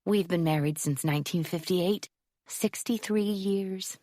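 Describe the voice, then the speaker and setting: A woman's voice: fairly low pitch, a little slow, warm tone, no echo, clean studio sound. A woman voicing a tiny sweet old lady. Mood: fond. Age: 80s.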